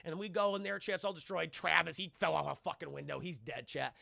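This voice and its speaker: A man streaming a casual, profane movie recap to his chat, animated and acting out the characters' lines. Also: a little high, quick pace, vocal fry, dry recording, studio quality. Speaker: streamer and film reviewer.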